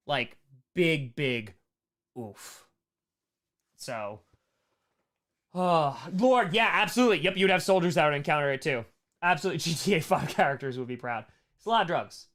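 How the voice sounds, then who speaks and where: A young man teaching a live-streamed history lesson, animated and jokey, tossing in sarcastic asides and quick mock dialogue while answering chat. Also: fairly high pitch.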